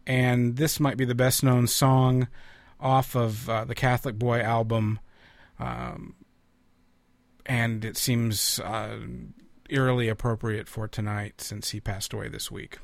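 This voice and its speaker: A man hosting a radio show, introducing recordings in a relaxed, halting way with pauses and restarts. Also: medium pitch, gravelly, no echo. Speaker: radio host. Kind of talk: casual on-air chat introducing recordings.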